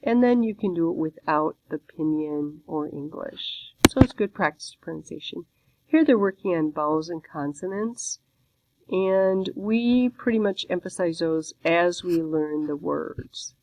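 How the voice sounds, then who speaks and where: A woman's voice: on the low side, darkish tone, poor audio. Patient woman teaching a language lesson. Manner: patient, explanatory, unhurried. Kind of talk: walking through a textbook lesson.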